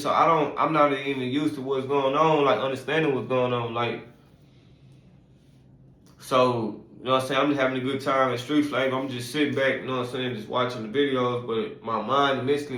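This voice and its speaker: Man in his 30s; loose, rambling storyteller with constant fillers and slang; mid-pitched voice in an echoey room. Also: bright, forceful tone. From Houston, Texas. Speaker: vlogger telling his life story. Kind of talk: casual storytelling.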